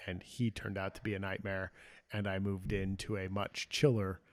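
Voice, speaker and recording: A man co-hosting a podcast, chatting about a film in a relaxed way and laughing often. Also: low-pitched, moderate pace, no room sound, studio quality. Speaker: podcast co-host. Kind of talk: casual movie review chat.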